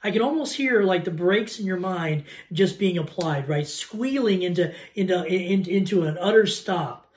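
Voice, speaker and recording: A man teaching a conversational Bible lesson, talking informally and breaking into animated asides. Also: high-pitched, moderate pace. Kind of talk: informal Bible study talk.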